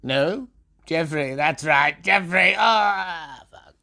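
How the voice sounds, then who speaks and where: A man telling a story as a theatrical monologue, swinging between a bright sing-song voice and low sneering tones and calling out to imagined listeners by name. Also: slow.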